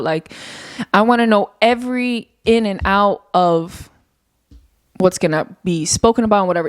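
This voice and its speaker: Speaking at medium pitch, this young podcast host rambles through an unscripted solo episode, candid and casually profane. The studio recording is clean, with no echo.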